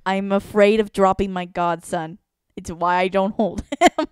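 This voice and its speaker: A woman's voice: medium pitch, fairly even intonation, a little slow, clean tone, no room sound, clean studio sound. A woman co-hosting a casual podcast chat, anxious and self-deprecating, laughing as she talks. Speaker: podcast co-host.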